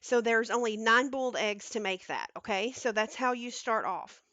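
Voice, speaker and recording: A woman's voice: fairly high pitch, moderate pace, sharp tone, no room sound, highs cut off. A woman hosting a home cooking stream, chatting and telling stories in a rambling way, often checking in with "okay?". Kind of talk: casual storytelling chat. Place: home kitchen.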